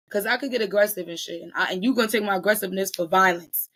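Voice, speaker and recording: A woman co-hosting a podcast in casual chat, blunt and profane, with an animated, emphatic delivery. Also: medium pitch, rapid-fire, few pauses. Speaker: podcast co-host.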